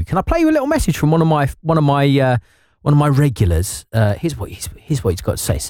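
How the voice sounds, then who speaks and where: A man's voice: a little high, sing-song, fast, dry recording, clean studio sound. A man presenting a live radio charity appeal, effusive and emotional as he thanks givers and urges listeners to donate. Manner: warm, effusive, emotional encouragement. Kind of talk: live radio fundraising chat.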